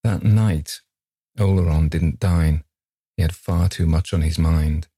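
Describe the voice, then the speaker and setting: A man narrating a ghost story in a measured, grave manner. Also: rumbling low, dark tone, slightly rough, dry recording. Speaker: audiobook narrator.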